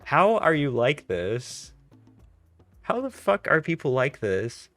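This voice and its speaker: A man's voice: on the high side, sing-song, takes it slowly, fairly bright tone, no echo, soft background music. A young man hosting a casual commentary, sarcastic and exasperated, with many fillers. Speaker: commentary host.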